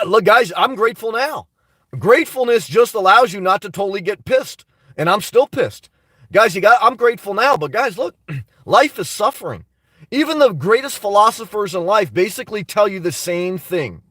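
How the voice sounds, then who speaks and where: A man's voice: sits high, a bit bright, dry recording, far from the mic. A man hosting a live stream, reading out chat messages and answering in a blunt, swearing, chatty way. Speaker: livestream host reading chat. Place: home in New Jersey.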